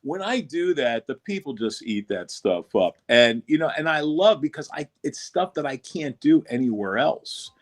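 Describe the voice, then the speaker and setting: A man's voice: on the high side, big pitch swings, normal speed, hardly any pauses. Storytelling male comedian guest. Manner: rambling storytelling, acts out voices. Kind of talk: casual radio interview.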